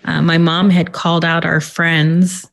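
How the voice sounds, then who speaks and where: A woman in an interview who gives a personal account in a halting, subdued way, with many pauses and fillers. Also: fairly low pitch, flat delivery, creaky. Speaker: interview guest.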